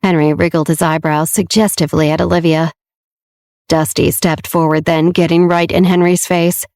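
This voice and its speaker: A woman reading a romance audiobook in steady, scripted narration. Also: lowish voice, normal speed, no room sound, clean studio sound.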